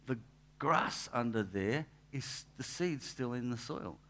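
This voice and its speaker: A man, a pastor giving a relaxed, anecdotal sermon in church, with asides and restarts. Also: mid-range voice, slow pace. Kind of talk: conversational sermon.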